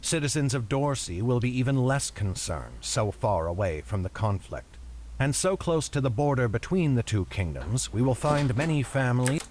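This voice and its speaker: A man voicing a measured, wary male wizard who speaks in a calm, deliberate way. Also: mid-range voice.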